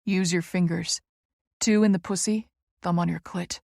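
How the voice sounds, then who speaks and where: Woman reading a dominant young male lover, low-voiced and gravelly, close and dry audiobook delivery. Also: fairly even intonation, moderate pace, a little mellow, dry recording. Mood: commanding.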